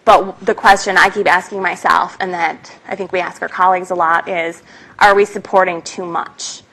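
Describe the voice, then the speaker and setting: A woman's voice: on the low side, steady tone, normal speed, fairly bright tone, low-quality recording. A woman with a Minnesotan accent giving a chatty conference talk, with frequent ums. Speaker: conference panelist. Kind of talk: conference presentation.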